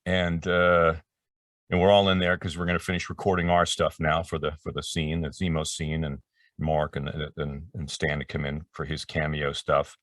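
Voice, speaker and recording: A man's voice: very deep voice, little pitch movement, moderate pace, a bit bright, no echo, clean studio sound, distant mic. A middle-aged man telling stories as an interview guest, rambling and breaking off mid-sentence, acting out what people said. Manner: rambling, self-interrupting, acts out quotes. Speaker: voice actor guest. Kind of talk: casual interview storytelling.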